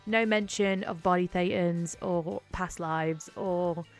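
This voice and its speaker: A woman guest on a live stream, chatty and quick with quips, laughing often. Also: on the low side, fairly even intonation, soft background music. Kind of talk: casual chat on a live stream.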